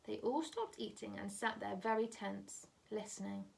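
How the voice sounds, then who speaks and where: A woman teacher reading a novel aloud to her class in a steady, measured way. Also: medium pitch, creaky, recorded from a distance.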